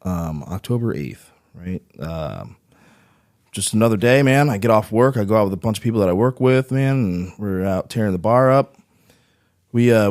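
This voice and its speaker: A man with a fairly low voice tells his story casually as a podcast guest. He rambles and swears freely, checking in with "right?" as he goes. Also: a little mellow. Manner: profane, rambling, frequent "right?" tags. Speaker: podcast guest, Marine veteran.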